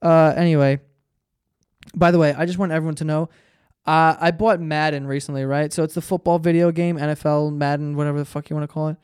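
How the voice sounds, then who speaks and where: A young man in his twenties hosts a solo podcast and rambles through his stories, swearing often and breaking off mid-sentence. He sounds tired. His voice is a little high, smooth and clear, recorded dry and close. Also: flat delivery, fast, a little mellow, no room sound. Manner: rambling, profane, self-interrupting storytelling. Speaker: podcast host. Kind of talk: solo casual podcast monologue.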